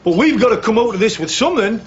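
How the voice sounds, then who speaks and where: A brash, scheming Geordie working man who pushes his point hard and wheedles. His voice sits high and swings about a lot. The TV sound is a touch muffled. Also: animated, fast, slight background noise. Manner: pushy, wheedling. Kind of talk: TV drama acting.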